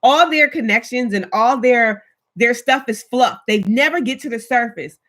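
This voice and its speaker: A woman's voice: fairly high pitch, normal speed, a bit bright. A chatty woman hosting a casual livestream, talking emphatically and answering viewer comments. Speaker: livestream host. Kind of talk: casual live chat with viewers.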